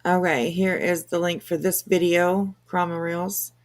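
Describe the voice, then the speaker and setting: A woman's voice: lowish voice, flat delivery, unhurried. A woman hosting a casual commentary stream, chatty and swearing freely, with many fillers.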